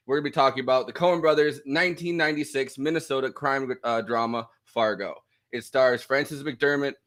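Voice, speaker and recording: An American podcast host with a mid-range, fairly bright voice keeps the conversation loose and jokey. He laughs often throughout the casual chat.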